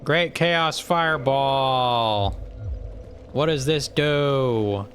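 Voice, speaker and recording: A man livestreams himself playing a video game, chatting casually, swearing, and laughing along the way. His mid-range voice is slightly bright and very slow, with soft music playing in the background.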